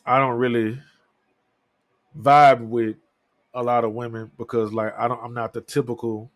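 A man's voice: mid-range voice, flat delivery, moderate pace, dry recording. A man in his thirties hosting a podcast, talking alone in a candid, profane, rambling way. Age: 30s. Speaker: podcast host. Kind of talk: casual solo talk.

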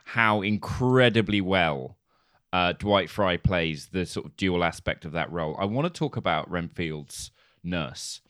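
A man co-hosting a casual film podcast, animated, joking and swearing freely. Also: deep voice, unhurried, no room sound, studio quality. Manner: animated, profane, jokey. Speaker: podcast co-host.

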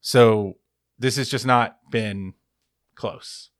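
Speaking extremely slowly in a fairly low, steady voice, this man co-hosts a sports podcast. He rambles wryly through casual sports talk, frequently correcting himself, and the studio recording is clean with no room sound.

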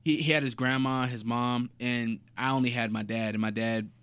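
A man's voice: mid-range voice, steady tone, moderate pace, a bit bright, clear, resonant tone. A man from Portland chatting casually, telling stories in a laid-back, slangy way. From Portland, USA. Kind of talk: casual chat.

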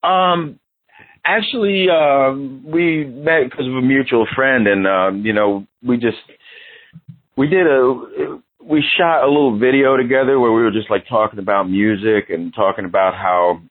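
A man's voice: medium pitch, a little slow. A man, guest in a casual interview, laid-back and swearing freely. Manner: laid-back, profane, loose storytelling. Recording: phone-line radio sound.

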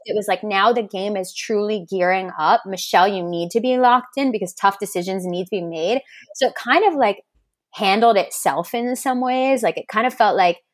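A woman appearing as a podcast guest, a reality show contestant, tells stories animatedly in casual chat, acting out quotes and swearing freely. Her voice is mid-range, with no room sound.

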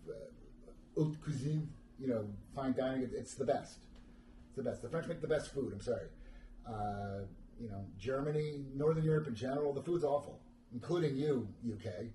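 A man's voice: medium pitch, dark tone. A middle-aged man hosting a livestream and answering chat questions, rambling casually and crudely with lots of fillers and self-deprecating jokes. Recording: echoey room with background noise.

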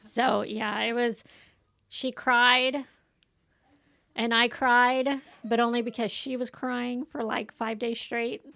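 Bright-voiced woman telling a story. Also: on the high side, slow, creaky. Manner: animated, laughing, acts out quotes. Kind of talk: casual storytelling chat.

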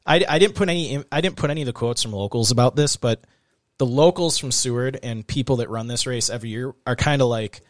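A man's voice: medium pitch, fast talker, dry recording, clean studio sound. A man hosting a casual true-crime podcast late at night, reading quotes aloud and then chatting loosely. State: tired, recording late at night. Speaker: podcast host.

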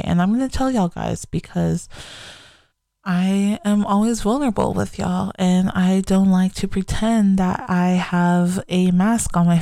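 A woman's voice: fairly low pitch, gravelly, dark tone, dry recording. A young adult woman hosting a faith podcast, talking candidly and reflectively in a casual way. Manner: candid, reflective, slow-paced. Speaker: podcast host.

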